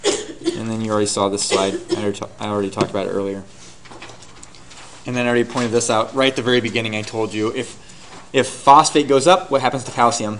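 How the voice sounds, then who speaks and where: A man teaching a class, lecturing and quizzing his students with rapid questions and answering them himself. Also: on the low side, fairly even intonation, fairly bright tone, slight background noise.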